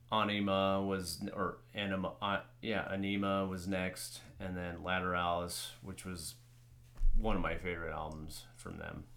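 A man's voice: deep voice, creaky, fairly bright tone. A man hosting a podcast, chatting casually in a rambling, filler-heavy way and swearing now and then. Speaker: podcast host. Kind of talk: casual chat.

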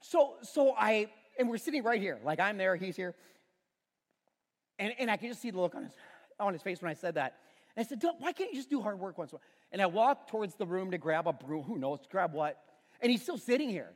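A man's voice: sits high, lively intonation, fairly quick, big-room sound. A middle-aged male pastor preaching a sermon, telling a story about his son with self-deprecating humor in a church auditorium.

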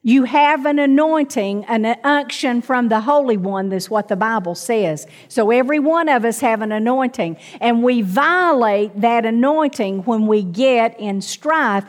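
Slow-preaching woman with long church reverb. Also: on the high side. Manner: calls out to the congregation, asks for amens. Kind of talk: sermon.

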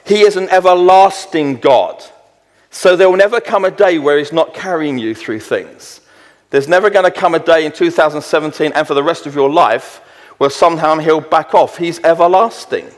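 A middle-aged man delivers a sermon, drawing out scripture verses slowly and with weight. His voice sits a little high for a man. The sound carries a long reverb, as if in a large hall. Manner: slows down to read verses with emphasis. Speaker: preacher.

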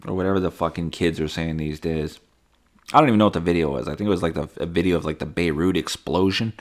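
A man's voice: low voice, fast talker. A young man hosting a casual solo podcast, rambling, sarcastic and profane, slipping into mocking voices. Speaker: podcast host.

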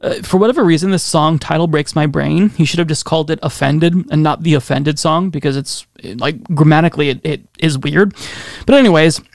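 A man's voice: on the high side, a little fast, creaky, no echo. A man hosting a podcast, reading out song lyrics with sarcastic, dry, mocking asides. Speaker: podcast host.

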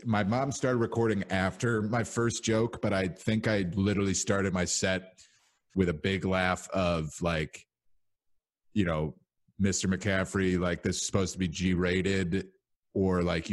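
Young male podcast host, very deep voice, loose rambling storyteller. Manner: rambling storyteller, many fillers. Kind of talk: casual chat.

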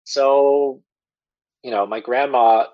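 A man's voice: mid-range voice, steady tone, slow, muffled recording. A man telling a personal story as a podcast guest, rambling casually with lots of fillers and chuckles. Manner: rambling, filler-heavy, chuckles while talking.

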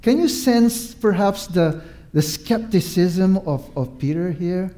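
A man's voice: high voice, lively intonation, slow, warm tone. A man preaching a sermon, emphatic and repetitive, drawing out his words and asking the listeners questions.

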